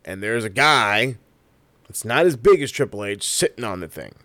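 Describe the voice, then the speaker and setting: A man's voice: on the low side, normal speed, dry recording. A man giving casual solo wrestling commentary into a close mic, swearing often and rambling through his ideas. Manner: profane, rambling, animated.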